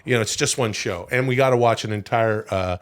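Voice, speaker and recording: A man's voice: fairly low pitch, fairly quick. A man co-hosting a comedy podcast, talking in a rambling, profane, loose and joking way. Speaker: podcast co-host. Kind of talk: casual comedic chat.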